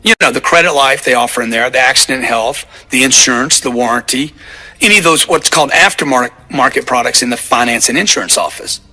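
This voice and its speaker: A man's voice: medium pitch, a little fast, bright, forceful tone. A man narrating his own sales book as a motivational audiobook, emphatic and punchy, driving his points home by repeating them.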